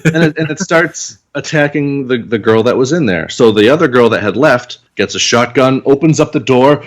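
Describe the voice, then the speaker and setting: A man's voice: mid-range voice, animated, moderate pace. A man reviewing movies on a podcast, retelling scenes blow by blow in a profane, vivid way and acting out the characters' lines. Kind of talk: casual chat.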